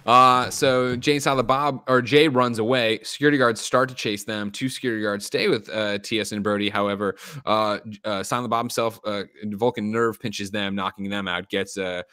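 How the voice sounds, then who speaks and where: Low-ish guy walking his buddies through a movie plot, dry close mic, doing the voices. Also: normal speed, few pauses, clear, resonant tone, no room sound. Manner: animated retelling, acting out quoted lines. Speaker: podcast co-host recapping a movie. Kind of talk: casual chat.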